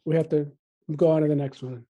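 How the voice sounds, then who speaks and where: A woman chairing a committee meeting, calling speakers and keeping time politely and briskly. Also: low voice, steady tone, warm tone, dull audio.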